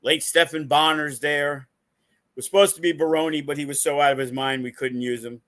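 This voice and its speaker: A man's voice: a little high, fairly quick. A man hosting a podcast as a wrestling promoter, telling stories casually and acting out the quotes. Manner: animated, acts out quotes. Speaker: wrestling promoter and show host. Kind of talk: casual storytelling.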